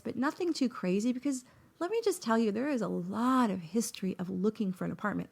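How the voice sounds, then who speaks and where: A middle-aged woman hosting a podcast, telling a reflective personal story and acting out her own thoughts in quotes. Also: mid-range voice. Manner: animated, acts out her own inner voice in quotes. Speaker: podcast host.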